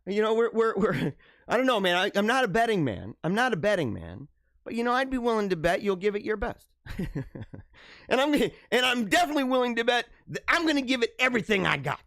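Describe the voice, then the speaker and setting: Man, live show host, casual chat, laughs a lot, slangy, lively swinging pitch, dry close sound. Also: a little fast, no echo. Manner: animated, laughing, slangy ("dude", "bro", "man").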